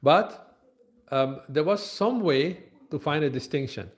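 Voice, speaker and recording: A man giving a conversational scripture lecture at a temple, with frequent fillers and pauses. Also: a little high, animated.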